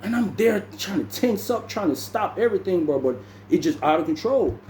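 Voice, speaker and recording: A man's voice: high-pitched, expressive, brisk, a little mellow, reverberant, slight background noise. A young man, telling a story casually and saying "bro" constantly. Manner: laid-back, says "bro" constantly, acts out other people's lines. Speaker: vlogger.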